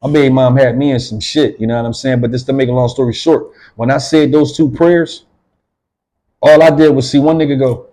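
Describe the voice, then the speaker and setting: A man's voice: mid-range voice, fairly even intonation, fairly quick, dark tone, poor audio. A middle-aged man, an interview guest, telling a rambling, profane story in casual talk. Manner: profane, rambling, acts out others' voices.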